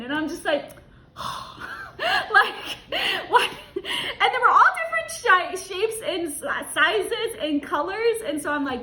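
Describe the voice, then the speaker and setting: A woman's voice: extremely high pitch, animated, a little slow, sharp tone, echoey room. A woman reading a travel story aloud and breaking off with her own asides, laughing often as she goes. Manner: giggly, laughs often through her words.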